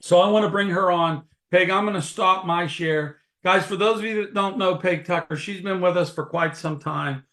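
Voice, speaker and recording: A man leading a network marketing webinar, telling his story in an energetic, folksy way over a computer mic on a video call. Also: high-pitched, moderate pace, few pauses, reverberant.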